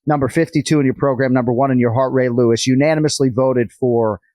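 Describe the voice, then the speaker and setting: A man's voice: medium pitch, quick pace, no echo. Boston-accented male podcast host, middle-aged, teasing and loose, dry close-mic sound. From Boston area, US. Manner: joking, ribbing, lively banter. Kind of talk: casual podcast chat.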